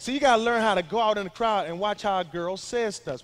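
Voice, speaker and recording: A man's voice: high-pitched, expressive, quick pace, hardly any pauses, fairly bright tone, slight background noise. A middle-aged male pastor giving a sermon to a young crowd, talking in a loose, joking way with asides to the listeners. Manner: conversational, humorous preaching with asides to the crowd.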